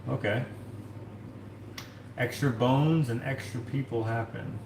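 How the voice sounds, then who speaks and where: A man's voice: medium pitch, takes it slowly, echoey room, noisy background. A man hosting a casual livestream from his home kitchen, washing dishes while he reads comments and rambles, full of filler words like "like". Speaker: streamer and host.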